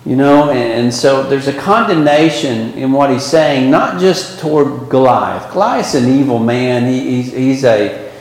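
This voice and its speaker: A man teaching a Bible class, rambling with many fillers and restarts and pushing rhetorical questions up with emphasis. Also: mid-range voice. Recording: echoey hall with long reverb.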